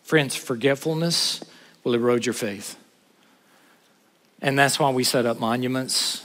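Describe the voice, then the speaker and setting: A man's voice: medium pitch, measured pace, fairly bright tone. A male pastor, preaching a sermon that shifts between intense build-ups and casual asides. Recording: long hall reverb.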